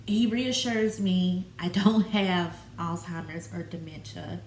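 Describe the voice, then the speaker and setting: A woman talking candidly in a personal vlog, halting and open, with many fillers. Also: on the low side, steady tone, a little mellow. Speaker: vlogger. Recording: roomy with faint background noise.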